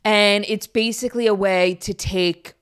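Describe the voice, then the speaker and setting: Brief: young woman podcast host, middle-pitched, chatty and rambling, animated storyteller. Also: unhurried, smooth. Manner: animated, jumps in pitch when excited. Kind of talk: casual chat.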